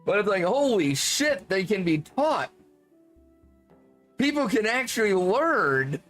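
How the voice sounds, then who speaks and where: A man's voice: high voice, sing-song, takes it slowly, a bit bright, soft background music. A man chatting casually while gaming, rambling, joking and swearing freely. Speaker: gaming streamer.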